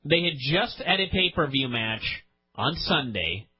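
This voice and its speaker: A man hosting a podcast launches into an exasperated, profane rant, his husky voice leaping up and down all the while. He sits a touch high in pitch, and the audio is slightly dull and lo-fi. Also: sing-song, measured pace, faint music behind. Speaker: podcast host. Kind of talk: ranting wrestling podcast chat.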